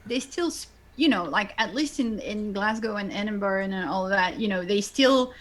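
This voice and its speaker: Woman in lively chat. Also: mid-range voice, moderate pace. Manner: animated, full of false starts. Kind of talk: casual chat.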